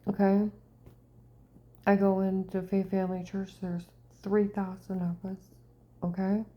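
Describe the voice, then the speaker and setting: A woman giving a personal testimony monologue, often dropping into a hushed whisper. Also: medium pitch, little pitch movement, measured pace, muffled recording. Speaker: person telling her own story.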